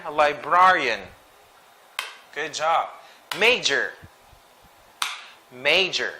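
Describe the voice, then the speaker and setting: Male English teacher, sight-word drill, slow deliberate delivery, bright tone, faint background hiss. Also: a little high. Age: adult. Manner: slow and deliberate, repeats each word twice with brief explanations. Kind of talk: pronunciation lesson, reading sight words.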